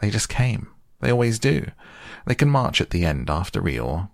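A fussy rabbit answers in a brisk, offhand manner, as a man reads him in a storybook. The voice is low and gravelly. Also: sing-song, dry recording, studio quality, exaggerated voice. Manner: brisk, careless.

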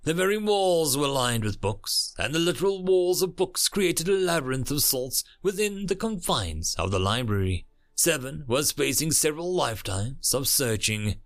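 A man narrating a dramatic story in a lively, animated voice whose pitch rises and falls a great deal. He reads steadily and expressively, like an audiobook.

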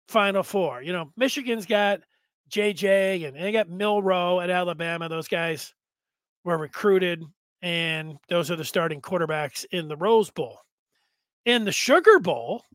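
A man hosting a sports talk show, rambling in a casual monologue with sudden loud bursts. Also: high voice, no echo.

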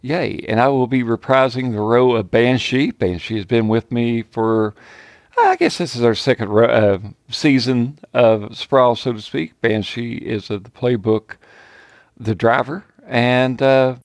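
A man's voice: mid-range voice, unhurried, dry recording, clean studio sound. A man introducing his character as a player on a tabletop game podcast, rambling and self-deprecating with frequent chuckles. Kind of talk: casual chat.

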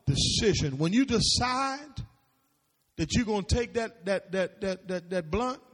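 Pastor guy with a real high voice preaching, call and response, big echoey church. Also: animated, a little slow, faint music behind. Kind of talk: sermon. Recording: long reverb of a large hall.

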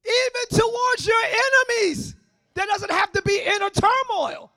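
A man preaching a sermon as pastor, often shouting. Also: very high-pitched, a little slow, no echo, clean studio sound. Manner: shouting, sing-song preaching with call-and-response. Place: church service, before a congregation.

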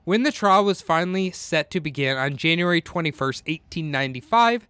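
A man's voice: a little high, expressive, brisk, pushed and bright, clear, resonant tone, no echo. Laughing man reading a crime story. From Minnesota. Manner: reads the case from notes, laughs often. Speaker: podcast co-host. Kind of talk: casual true-crime podcast chat.

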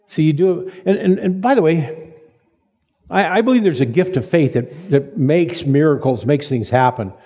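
A man in his seventies preaching a sermon in a church, folksy and joking, often stumbling over and repeating his words. His voice sits a little high but sounds mellow and husky. A long reverb from a large hall trails every phrase. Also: lively intonation, normal speed. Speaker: pastor.

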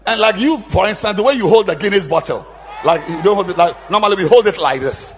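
A man, a bishop, preaching a sermon, shouting lines and leading the congregation in repeated call-and-response chants between quieter asides. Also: high voice, lively intonation, normal speed, long pauses, long reverb tail.

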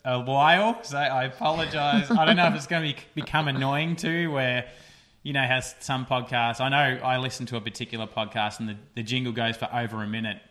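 A young man hosts a casual solo podcast, chatting and rambling with plenty of fillers. His mid-range voice is a bit bright and a little fast.

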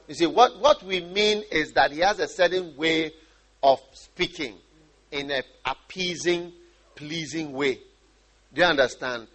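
A man from Ghana preaching a sermon, animated and often repeating and restarting his phrases. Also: a little high, measured pace.

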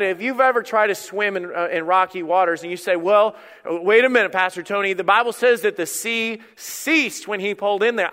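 A man preaching a sermon as pastor, acting out the inner voice of the people in his story and slowing down to read scripture aloud. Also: high-pitched, pushed and bright, long reverb tail.

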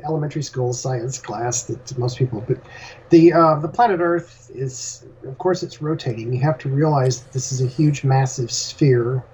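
An older man, co-hosting a casual chat and talking in a halting, self-deprecating way. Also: mid-range voice, darkish tone. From Texas. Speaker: co-host. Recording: dull lo-fi line with faint hiss.

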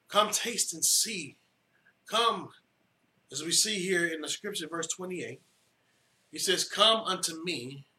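A man's voice: on the high side, pushed and bright, roomy sound. A male pastor preaching a sermon, building emphasis through rhythmic repetition.

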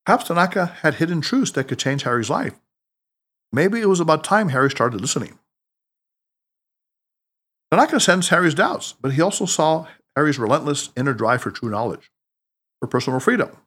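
A man narrating an audiobook in a scripted, expressive storytelling way. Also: on the high side, normal speed, pauses often, breathy edge.

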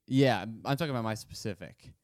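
A man's voice: mid-range voice, fairly quick, darkish tone, no room sound, clean studio sound. A man co-hosting a casual podcast chat, laid-back and trading crude banter. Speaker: podcast co-host.

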